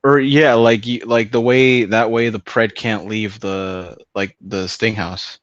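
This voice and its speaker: Brief: male streamer, casual rambling chat, swears and laughs a lot, lowish voice, dry close mic. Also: steady tone, takes it slowly, no echo, highs cut off. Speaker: stream host.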